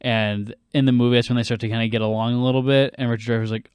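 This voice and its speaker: Animated young man with a smooth, dry voice. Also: medium pitch, no room sound. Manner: animated, swears a lot, quick bursts. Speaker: podcast co-host. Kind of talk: casual film chat.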